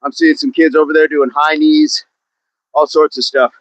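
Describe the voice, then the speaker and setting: A man's voice: on the high side, flat delivery, moderate pace, dry recording, muffled recording. A man hosting a live outdoor workout on a hill, exercising as he talks, counting down reps and greeting chat viewers by name. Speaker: fitness livestream host.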